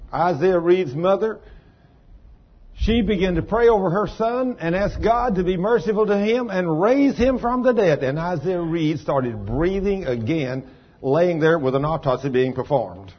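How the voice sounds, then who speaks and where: A man preaching a sermon, telling a testimony in a folksy, animated way and acting out voices. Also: high voice, normal speed, breathy edge, lo-fi sound. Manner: folksy, animated, acts out voices and shouts for emphasis.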